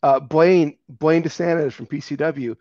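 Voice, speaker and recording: An eager, chatty man hosts a casual interview in a fairly high voice. His sound is dull and lo-fi. It is also dry, with no room around it. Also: fairly even intonation, measured pace, mellow, no echo. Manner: eager and chatty, laughs along. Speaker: podcast host.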